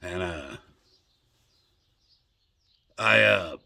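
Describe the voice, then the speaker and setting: Man with a low, gravelly voice and a bright, husky edge, casual rambling storytelling. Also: extremely slow. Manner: rambling, conversational, with repeated restarts.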